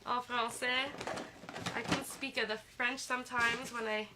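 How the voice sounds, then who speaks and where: Woman, sick, chatty livestream, bit high voice, noisy phone audio. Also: steady tone, a little slow. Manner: chatty, reads viewer comments aloud. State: sick, slightly congested. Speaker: livestream host. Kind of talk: casual live stream chat. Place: in bed at home.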